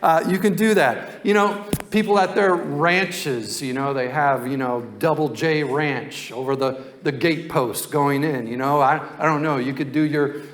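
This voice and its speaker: A man's voice: a little high, a little slow, hardly any pauses. Man preaching a folksy sermon. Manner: conversational, folksy storytelling. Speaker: pastor.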